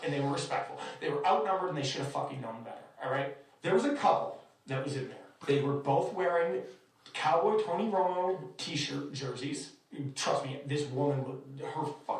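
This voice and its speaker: A man hosting a podcast, telling a story in a casual, heavily profane, exasperated way. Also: fairly high pitch. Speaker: podcast host. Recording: echoey room, distant mic.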